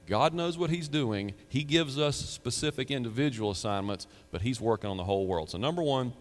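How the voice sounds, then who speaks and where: A man's voice: mid-range voice, expressive, a little fast, long reverb tail. A middle-aged man, a pastor, preaching a sermon in a conversational way, asking the listeners questions and breaking off into asides.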